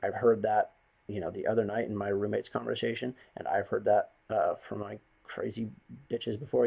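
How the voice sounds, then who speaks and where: A man's voice: fairly low pitch, fairly even intonation, normal speed, gravelly, darkish tone, husky. A man vlogging a bitter, rambling, profane rant to the camera. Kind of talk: ranting monologue to camera.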